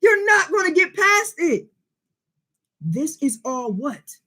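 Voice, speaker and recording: A man's voice: very high-pitched, sing-song, takes it slowly, pushed and bright. A man teaching a Bible study in informal preaching style, emphatic and full of rhetorical questions and street slang.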